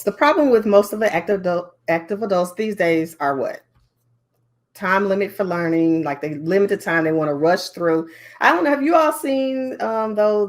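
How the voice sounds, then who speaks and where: A woman leading a conference training session on learning design, talking in a lively, chatty way with many fillers and asides. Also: mid-range voice.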